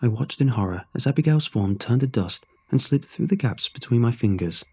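A man narrating a first-person horror story in a somber, measured way. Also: mid-range voice, lively intonation, a little mellow, slightly rough.

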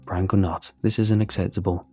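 A man doing a calm, friendly forest ranger. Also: low voice, moderate pace, faint music behind. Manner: easygoing, reassuring.

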